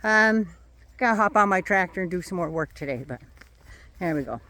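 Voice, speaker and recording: A woman's voice: lowish voice, lively intonation, a little fast, pushed and bright, no echo. An older woman vlogging outdoors in her yard, talking to a phone or camera held at arm's length in a sarcastic, mocking casual rant.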